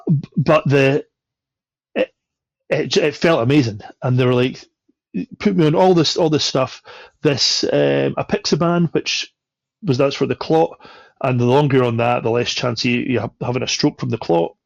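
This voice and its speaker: Gravelly man telling a story. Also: medium pitch, moderate pace, dry recording, dull audio. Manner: animated, acts out quoted voices. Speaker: podcast guest. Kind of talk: casual storytelling.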